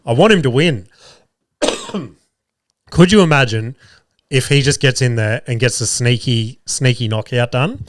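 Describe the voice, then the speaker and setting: Aussie guy under the weather rambling fight picks, swears a lot, smooth voice, dry studio sound. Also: medium pitch, unhurried, long pauses, no room sound. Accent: Australian. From Australia. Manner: rambling, swears often, many restarts and fillers. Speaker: podcast host. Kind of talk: casual sports betting chat. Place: small studio. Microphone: studio mic.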